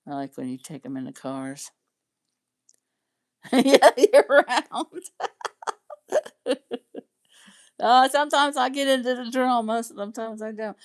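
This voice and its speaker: A woman's voice: deep voice, gravelly. A middle-aged woman chatting casually on her livestream, rambling and laughing often. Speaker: livestream host chatting with viewers.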